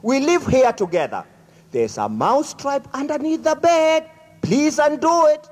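A man's voice: very high-pitched, sing-song, unhurried, long reverb tail, pitched above the performer's own voice, exaggerated voice. A man voicing a small frightened mouse who keeps begging his friends for help, in a storytelling talk. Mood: pleading. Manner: pleading, urgent.

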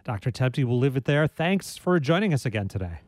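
A man hosting a public radio talk show, speaking in a measured, lightly wry way. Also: medium pitch, very animated, a little mellow, no room sound. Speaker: radio host.

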